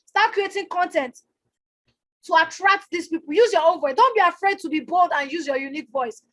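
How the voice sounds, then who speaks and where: A woman coaching on a live stream, energetic and loud, who likes to shout and repeats herself for emphasis. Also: very high-pitched, a little fast. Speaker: online business coach. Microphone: phone or webcam on a live stream.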